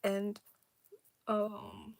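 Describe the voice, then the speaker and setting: A woman's voice: mid-range voice, monotone, very slow. A young woman casually rambling about her original characters, with many fillers, restarts and giggles. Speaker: storyteller.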